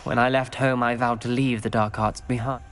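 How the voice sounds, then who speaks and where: An actor playing a guarded young male wizard student who speaks in a measured, wary way. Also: medium pitch, flat delivery, lightly acted. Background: loud game music.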